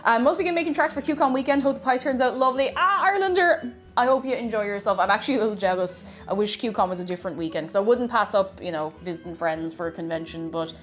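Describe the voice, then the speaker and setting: A woman's voice: medium pitch, fast, a bit bright, soft background music. A woman with an Irish accent casually chatting with her livestream viewers while baking, playfully greeting them by name. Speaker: livestream host.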